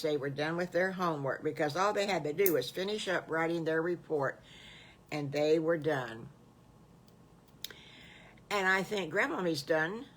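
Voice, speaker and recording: Brief: older woman, folksy storyteller, a bit low, soft-spoken. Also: a little hiss or hum. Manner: folksy, gentle, homespun. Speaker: storyteller grandmother. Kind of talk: improvised children's story.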